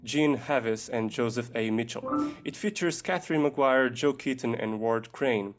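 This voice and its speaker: A man's voice: mid-range voice, animated, moderate pace, slight background noise, natural voice. A man putting on a transatlantic accent as an old-time 1940s film announcer, with a grand, theatrical delivery. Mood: grandiose.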